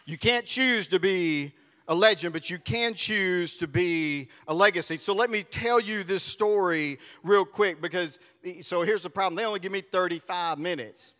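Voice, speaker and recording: Animated preacher in an echoing church. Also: male voice, high voice, moderate pace. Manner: animated, conversational, addresses congregation directly. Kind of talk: sermon. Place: church sanctuary. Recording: long reverb of a large hall.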